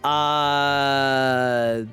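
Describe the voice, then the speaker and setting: A man streaming a game, commenting in an excitable, profane, self-mocking way. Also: mid-range voice, very slow, smooth, soft background music.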